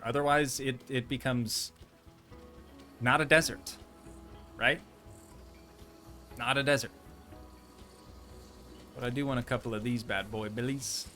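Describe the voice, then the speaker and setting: This casual livestream features a man playing a park-building game, his mid-range voice pushed and bright. He banters playfully with viewers in rambling asides while faint music plays behind him.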